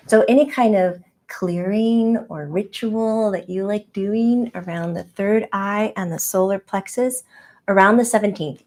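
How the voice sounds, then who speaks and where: A woman's voice: medium pitch, darkish tone, lightly acted. A woman channeling a playful, childlike spirit guide who speaks in a chatty, rambling way with frequent giggles and fillers.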